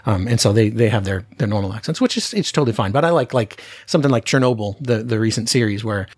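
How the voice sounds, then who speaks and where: Casual podcast host, male, slightly husky, dry booth sound, chatty with lots of restarts. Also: lowish voice, fast talker, dry recording. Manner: chatty, frequent fillers and restarts, laughs often. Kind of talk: casual film discussion.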